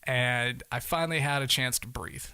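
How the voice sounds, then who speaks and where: A young man, a podcast guest, telling a long personal story in a relaxed, rambling way. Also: medium pitch, normal speed, clear, resonant tone, no room sound. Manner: relaxed, rambling, fond of "kind of a thing". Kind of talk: casual storytelling.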